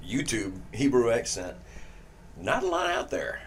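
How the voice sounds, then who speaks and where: A man, an actor, chatting casually and telling stories in a lively way. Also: medium pitch, normal speed, loud music behind the voice. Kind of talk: casual conversation.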